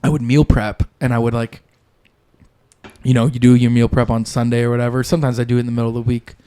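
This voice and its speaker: A man's voice: mid-range voice, flat delivery, fast, mellow, clean tone. Profane, laid-back man hosting a podcast. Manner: loose, profane, storytelling. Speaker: podcast host. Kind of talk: casual chat.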